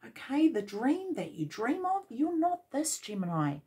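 A woman's voice: sits high, very animated, measured pace, dark tone. A woman giving a tarot reading, speaking encouragingly and directly to her viewers with lots of repetition. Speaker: tarot reader.

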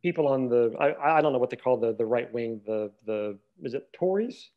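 A man's voice: medium pitch, lively intonation, moderate pace, narrow, tinny audio. A man co-hosting a podcast, chatting casually and hesitantly, often repeating words as he searches for the next one. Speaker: podcast co-host. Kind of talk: casual chat.

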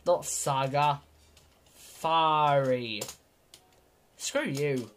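Slow-talking man, rambling. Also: fairly high pitch, a little hiss or hum. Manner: rambling, self-mocking, swings from mumbling to loud outbursts. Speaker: gaming vlogger. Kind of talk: let's-play commentary.

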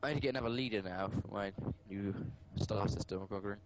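A man chatting briskly while playing a strategy game with friends. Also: fairly low pitch, noisy background. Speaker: co-player in a let's play. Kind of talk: casual chat over gameplay.

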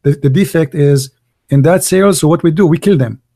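A man in a casual online debate who talks quickly and animatedly, with lots of fillers, restarts and non-native grammar. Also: fairly high pitch, dark tone, no room sound, clean studio sound.

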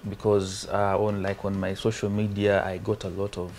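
A man with a Ugandan accent, an actor guest on a talk show, animated and acting out stories. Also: lowish voice, normal speed, a little hiss or hum. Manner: animated storyteller, acts out quoted voices. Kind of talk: casual interview chat.

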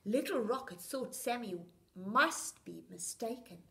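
A woman storyteller reads a picture book aloud for very young children. She takes her time, and her voice is high, bright and full of lift. Every line rises and falls in a sing-song way. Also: big pitch swings, measured pace.

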